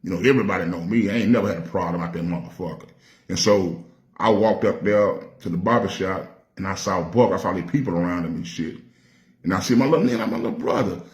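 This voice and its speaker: A man's voice: low-pitched, fast talker, darkish tone, reverberant. A man with a Nashville Southern accent, a rapper telling stories in a casual, streetwise and profane way, acting out the voices he quotes. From Nashville, Tennessee. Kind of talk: casual storytelling.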